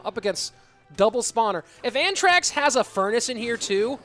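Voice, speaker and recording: A man casting a live esports match, excitable and rambling, with chatty asides to the viewers. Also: very high-pitched, moderate pace, soft background music. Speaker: esports caster and streamer. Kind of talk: live esports commentary with chat reading.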